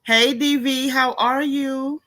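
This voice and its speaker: Bright-voiced chatty woman. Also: high-pitched, fairly even intonation, takes it slowly. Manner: chatty, folksy, greets viewers by name. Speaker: livestream host. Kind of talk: casual livestream chat.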